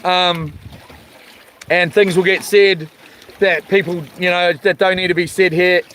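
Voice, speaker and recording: Male New Zealand live-stream host, high-pitched and slow, easygoing chat reader who gets firm when annoyed. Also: level tone, a bit bright, slight background noise, rough recording. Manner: laid-back, lots of ums, chuckles, firm when annoyed.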